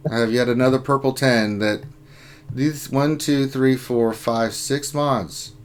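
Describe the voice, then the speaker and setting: A man's voice: medium pitch, slow pace. Man hosting a casual game stream. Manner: reads out chat names, mock-groaning. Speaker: stream host. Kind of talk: casual livestream chat.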